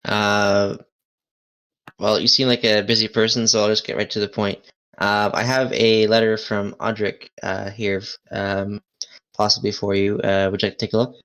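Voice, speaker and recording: Male player, low even voice, smooth and polite, measured delivery. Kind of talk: tabletop role-play, speaking in character.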